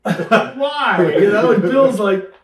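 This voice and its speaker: A man tells stories with a lot of energy, and his voice sits a little high for a man. He acts out the voices of the people he quotes and laughs as he goes. His voice sounds a bit far from the mic, with noticeable room echo. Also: normal speed, a loud crowd. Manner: animated storyteller who acts out quoted voices. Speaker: interview guest, wrestling veteran. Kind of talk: storytelling shoot interview. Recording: roomy sound, mic at a distance.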